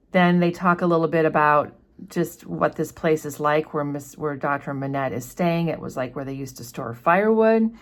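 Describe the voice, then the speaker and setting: A woman teacher talking through a classic novel in a loose, chatty way, with many fillers and quick quoted lines from the characters. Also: fairly low pitch. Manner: briefly puts on plain character voices when quoting dialogue. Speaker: literature teacher. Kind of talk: casual book discussion.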